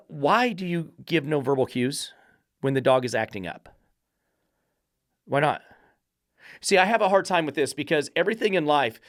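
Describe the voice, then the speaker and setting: A man's voice: no room sound, clean studio sound. A man hosting a dog-training podcast, blunt, combative and profane in his commentary. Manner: blunt, combative and profane, mocking falsetto baby talk.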